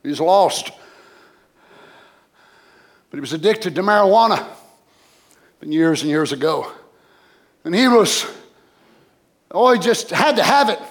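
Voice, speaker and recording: A man preaching a sermon, dropping to low murmurs and rising to loud shouts. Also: animated, a little slow, long pauses.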